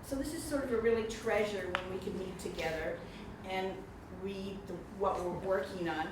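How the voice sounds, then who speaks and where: An older woman, speaking at a mid-range pitch and normal speed, introduces the author at a book reception in a warm, chatty way, laughing often. It's a casual spoken introduction in an indoor reception room, recorded with a far-off mic in an echoey, noisy space.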